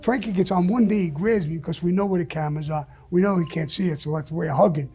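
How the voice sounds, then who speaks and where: A man being interviewed, telling a story bluntly and profanely in a casual, animated way. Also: high voice, quick pace, soft background music. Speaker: interview guest.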